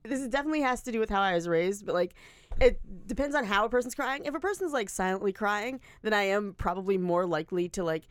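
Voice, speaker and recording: A woman in casual podcast chat, speaking in a measured, dry way with quoted asides. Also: medium pitch, smooth, no room sound.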